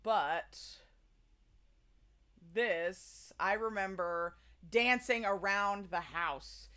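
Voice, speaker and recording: A woman's voice: medium pitch, extremely slow, bright, forceful tone, clean tone. A young adult woman chatting casually to her stream audience, rambling with many fillers and restarts. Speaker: streamer hosting a karaoke stream.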